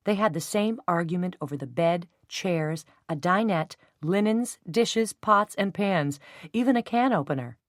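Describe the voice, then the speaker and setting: A woman's fairly low voice tells a novel in an evenly paced, measured way, as an audiobook narrator reading from a script. The recording is dry and of studio quality.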